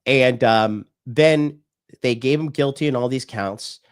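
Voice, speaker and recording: A man's voice: mid-range voice, a little slow, smooth. A man from the United States, a dating coach hosting a livestream, talking in a blunt, profane, preachy rant.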